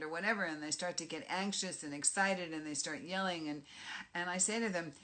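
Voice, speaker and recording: Low-voiced emphatic New York woman. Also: fairly quick, a bit bright. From Bronx, New York. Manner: emphatic and direct, punches key phrases. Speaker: life coach. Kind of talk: motivational monologue.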